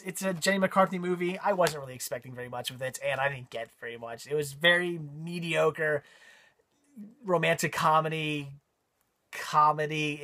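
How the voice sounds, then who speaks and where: Man reviewing films, slightly high voice, rambling, lots of ums and restarts. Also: bright, forceful tone. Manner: rambling, repeats words, frequent ums. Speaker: movie reviewer. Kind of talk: casual video review.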